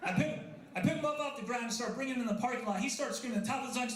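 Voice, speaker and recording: A man's voice: extremely high pitch, rapid-fire, heavy background noise. A man in his thirties performing a stand-up comedy set at a coffee house, self-deprecating and chatting with the crowd. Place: coffee house stage before a live audience. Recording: roomy live venue sound.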